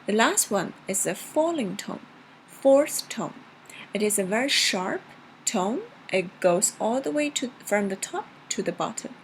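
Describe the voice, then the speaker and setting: A woman's voice: expressive, a little hiss or hum, poor audio. Patient woman teaching tones. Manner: slow, patient, models tones with exaggerated pitch. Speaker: Chinese language teacher. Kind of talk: video language lesson.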